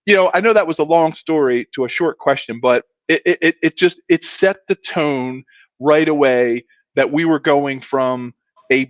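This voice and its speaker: A man's voice: fairly high pitch, moderate pace, dry recording. Rambling man in his fifties, dull audio. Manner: rambling, with many restarts and asides. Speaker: guest, former pro football player. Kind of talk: casual anecdote telling.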